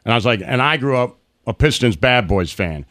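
A man's voice: mid-range voice, expressive, fairly quick, fairly bright tone. A middle-aged man hosting a casual podcast, telling profane stories and acting out the quotes. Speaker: podcast host. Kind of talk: casual storytelling chat.

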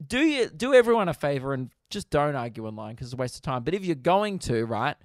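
A man with an Australian accent, a comedian hosting his podcast, ranting casually with animated, profane energy. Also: on the high side, quick pace, dry recording, clean studio sound.

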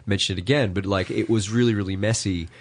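A man with a fairly low voice, co-hosting a relaxed music chat. He tells the story steadily, restarting his phrases now and then. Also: quick pace. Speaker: podcast co-host. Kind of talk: casual chat about music.

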